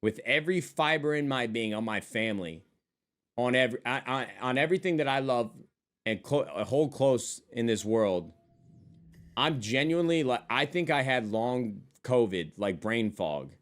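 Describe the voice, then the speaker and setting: A man's voice: mid-range voice, animated, moderate pace, a bit bright. A man streaming live, talking casually to his chat in loose, profane, joking banter from his desk. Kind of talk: casual stream chat reading and answering viewers. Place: at a desk with a monitor.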